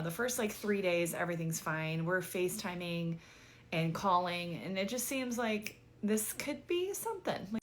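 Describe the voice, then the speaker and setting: A woman vlogger telling a dating story in a chatty, exasperated way, full of "like" and casual swearing. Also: mid-range voice.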